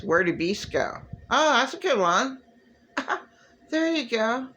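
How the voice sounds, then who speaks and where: A man delivering a rambling, agitated religious monologue to camera, bitter and ranting, with sudden leaps in pitch. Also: big pitch swings, slow, pushed and bright. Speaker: vlogger.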